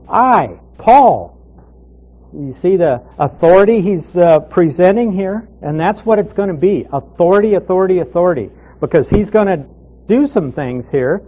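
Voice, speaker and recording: A man teaching a Bible class as a pastor, reading scripture aloud and stressing key words with emphatic repetition. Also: a little high. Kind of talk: Bible study lecture. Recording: muffled lo-fi recording.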